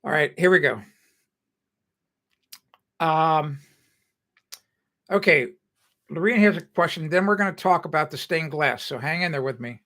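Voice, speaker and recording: An older man talks casually through a home improvement live stream, drifting between stories and correcting himself as he goes. His voice is bright and forward, sitting a little high for a man, and he laughs often. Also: measured pace, long pauses. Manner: rambling, chatty, laughs often, self-correcting. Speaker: home improvement show host.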